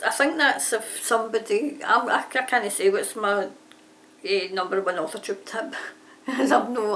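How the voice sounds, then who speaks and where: A gravelly, fairly high-pitched woman's voice with a fairly bright tone. She's answering a tag as an aspiring author, chatting casually and rambling about her writing, often revising herself mid-sentence, with trains passing outside her home near the railway.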